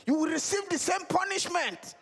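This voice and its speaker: A man's voice: very high voice, normal speed, gravelly, a bit bright, in a large hall, pitched above the performer's own voice, exaggerated voice. A man voicing a strict, pompous middle-aged Nigerian father who speaks in stern, proper English. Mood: indignant.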